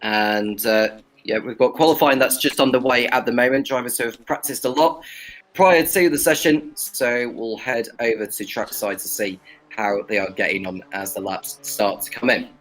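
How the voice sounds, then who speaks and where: A male co-commentator on a sim racing broadcast with a mid-pitched voice. He shares track history in an informative way, tripping over a word now and then. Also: moderate pace, fairly bright tone. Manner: informative, slightly stumbling.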